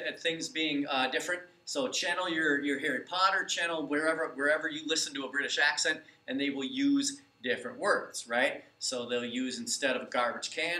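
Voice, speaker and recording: Co-teacher who keeps asking "right?". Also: male voice, fairly high pitch, pushed and bright, roomy sound, distant mic, low-quality recording. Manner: conversational, often adds "right?". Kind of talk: classroom lecture.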